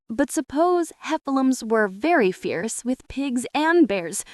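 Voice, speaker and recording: A woman narrating a children's storybook in a lively, expressive way. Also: on the high side, dry recording, studio quality. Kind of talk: storybook reading.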